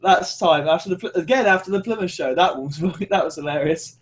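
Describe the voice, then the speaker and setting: A man's voice: sits high, fast. A man hosting a casual podcast, chatting with stammering restarts and frequent laughter. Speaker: podcast host. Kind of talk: casual chat.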